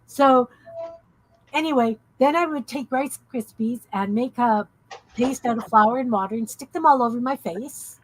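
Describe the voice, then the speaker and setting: A woman's voice: on the high side, normal speed, rough recording. A woman hosting a casual crafting live stream, tired, rambling and giggling as she chats with viewers.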